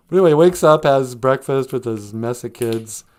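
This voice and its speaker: A man's voice: mid-range voice, measured pace. A man hosting a comedic livestream podcast, joking and laughing often. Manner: joking, laughs often, slips into silly voices. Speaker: podcast host.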